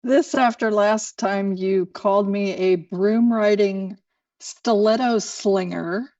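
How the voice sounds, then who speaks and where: A woman rodeo journalist co-hosting a podcast, chatting casually with a dry, teasing edge. Her pitch sits in the middle range. The recording is dull and lo-fi. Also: takes it slowly, darkish tone. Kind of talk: casual chat. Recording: dull lo-fi sound.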